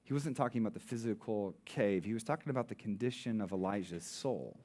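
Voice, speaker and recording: A married man who preaches as a pastor, posing rhetorical questions and slowing down for emphasis. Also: fairly low pitch, mellow. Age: adult, married. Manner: rhetorical questions, dramatic slowing on key words. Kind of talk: sermon.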